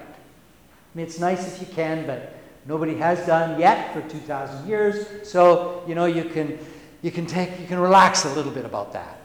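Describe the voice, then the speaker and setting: A male preacher giving a sermon in a church, speaking slowly and deliberately, with emphatic repetitions and conversational asides to the congregation. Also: a little high. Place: church sanctuary. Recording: roomy church with long reverb.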